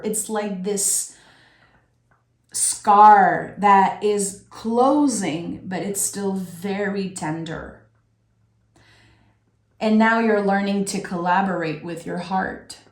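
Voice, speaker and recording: A woman giving a soft, heartfelt tarot reading with many pauses, speaking straight to her viewer. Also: medium pitch, echoey room. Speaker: tarot reader. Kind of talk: emotional tarot reading monologue.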